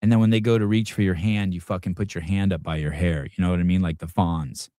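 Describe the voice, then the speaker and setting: A man's voice: low voice, fairly even intonation, fast, mellow, clear, resonant tone, no echo, clean studio sound. A man hosting a show, giving casual reaction commentary in a combative, profane rant aimed at his audience and producer. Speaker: podcast host.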